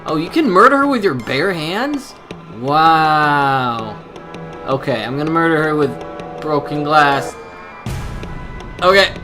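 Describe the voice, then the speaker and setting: A young man commenting on a video game as he plays, excitable, nervous and self-deprecating. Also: a little high, moderate pace, pauses often, music in the background. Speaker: gameplay commentator. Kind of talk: let's-play commentary.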